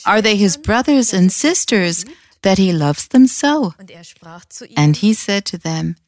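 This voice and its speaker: A woman reading a religious passage aloud in a calm, reverent way. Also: medium pitch, slow. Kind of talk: scripture reading.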